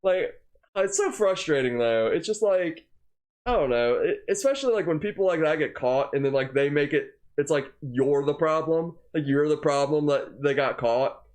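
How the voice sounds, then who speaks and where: Young male co-host, casual rant, pitch on the high side, very lively, loose and filler-heavy. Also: normal speed. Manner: rambling, heavy on fillers and "man"; exasperated. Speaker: co-host of a gaming channel. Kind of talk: casual ranting chat.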